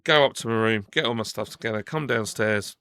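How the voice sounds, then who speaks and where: A man co-hosting a podcast, telling a personal story in casual chat, animated and acting out what people said, with frequent restarts. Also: on the low side, fairly quick, clean tone, no echo, studio quality. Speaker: podcast co-host. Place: podcast studio.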